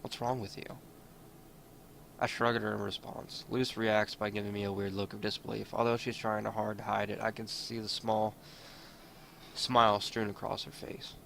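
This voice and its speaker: A man's voice: lowish voice, creaky, bright, forceful tone, a little hiss or hum. A man reading a visual novel aloud in first person, adding his own asides. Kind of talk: reading game text aloud.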